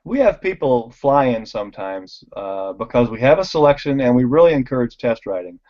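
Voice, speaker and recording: A man's voice: medium pitch, fairly quick, highs cut off. A man who owns a bike shop, telling stories over slides and acting out the voices of the people in them. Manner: animated storyteller, acts out quoted voices, laughs often. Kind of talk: casual storytelling over slides.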